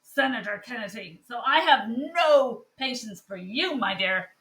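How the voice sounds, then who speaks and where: A woman physician speaking a personal commentary monologue, passionate and emphatic with frequent pauses. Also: on the high side, lively intonation, fairly bright tone. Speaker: physician and online course teacher.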